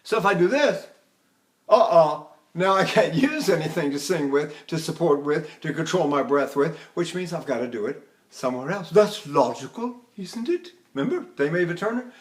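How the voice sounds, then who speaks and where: Animated and fairly high-pitched, an older man delivers a voice lesson at a moderate pace. The recording is a loose, conversational lecture, with short operatic phrases sung here and there to illustrate.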